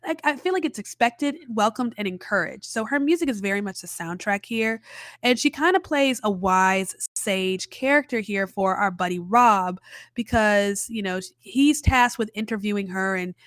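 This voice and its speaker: A woman's voice: medium pitch, normal speed, a bit bright, no echo, clean studio sound. A woman giving a casual spoken film review, chatty with many fillers and wry, exaggerated exasperation. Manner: chatty, frequent "you know" fillers.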